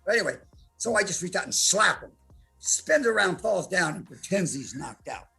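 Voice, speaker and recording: Soft music plays beneath a gravelly, husky-voiced man in his eighties who speaks high and at a moderate pace. A martial artist, he tells brash, profane stories with animation as a guest in a podcast interview.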